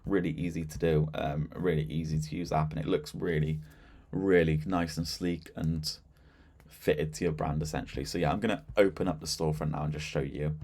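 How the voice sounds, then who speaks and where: A man with a notably deep, low-pitched voice talks through a software demo in an easy, conversational way. He fills gaps with "um" and "so yeah" and never sounds scripted. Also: fairly quick, breathy edge. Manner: relaxed and chatty, with frequent fillers and "so yeah". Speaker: software demonstrator. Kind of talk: casual screen-share product walkthrough.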